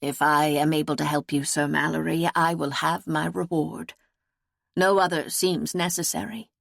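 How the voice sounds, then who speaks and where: A kindly, calm nun offers gentle reassurance in a low, even woman's voice, read by an audiobook narrator. The sound is close-miked and dry. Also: moderate pace, gravelly, no echo. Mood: gentle, reassuring.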